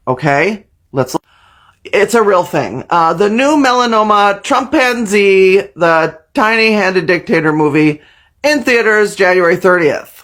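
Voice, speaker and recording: A man with a slightly high voice cracks crude jokes and keeps calling on his viewers to join in. It plays like a loose comedic vlog. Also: fairly bright tone. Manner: joking, crude, talks to the viewers. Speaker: comedic vlogger. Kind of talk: jokey reaction vlog.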